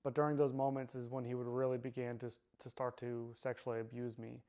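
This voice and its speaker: A man telling his own story in a personal testimony, quiet and subdued, halting and searching for words with many fillers. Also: mid-range voice, little pitch movement. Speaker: survivor sharing his story.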